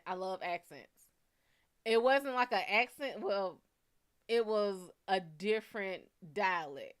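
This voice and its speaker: Hosting a live show, a psychic reader tells a frank, foul-mouthed dating story in a casual way, performing the dialogue she quotes. She speaks at medium pitch with a clean tone, candid and animated throughout.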